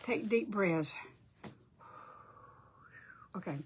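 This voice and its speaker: A woman's voice: medium pitch, extremely slow, a little hiss or hum. Flustered older woman livestreaming. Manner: flustered, apologetic, chatty, greets viewers by name. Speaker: crafting livestream host. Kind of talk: casual livestream chat.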